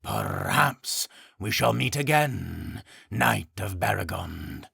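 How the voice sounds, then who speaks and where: A man's voice: low-pitched, wildly swooping pitch, takes it slowly, vocal fry, pushed and bright, slightly rough, no room sound, studio quality, pitched below the performer's own voice, exaggerated voice. A man voicing an ancient male harpygriff guardian who speaks in a formal, archaic way. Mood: solemn. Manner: formal, archaic, stately speech.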